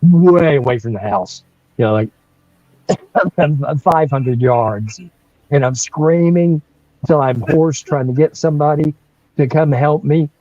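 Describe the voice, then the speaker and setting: An older man from North Carolina, his voice sitting a little high for a man, tells a story animatedly, breaking into laughs and restarting his sentences. The sound is dry and dull, like a lo-fi recording. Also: takes it slowly, long pauses, dark tone, dry recording. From North Carolina, USA. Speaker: guest telling a personal story. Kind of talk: casual storytelling.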